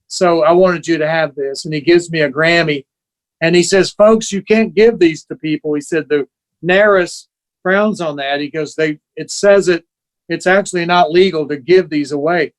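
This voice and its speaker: Older man in his 60s, guest on an interview, lively storyteller who slips into quoted voices, on the higher side of male pitch. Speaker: guest musician.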